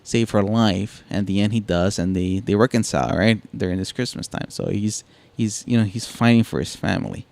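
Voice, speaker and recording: A man co-hosting a podcast in casual chat, animated and quoting lines with a laugh. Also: lowish voice, fairly quick, gravelly, few pauses. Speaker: podcast co-host.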